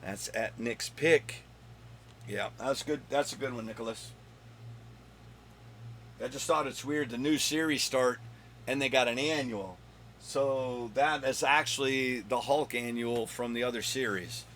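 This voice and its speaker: A man hosting his own video countdown of comic finds, rambling and joking with his son off camera, with a slightly hoarse voice. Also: mid-range voice, unhurried, a bit bright, a little hiss or hum. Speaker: comic collector and channel host.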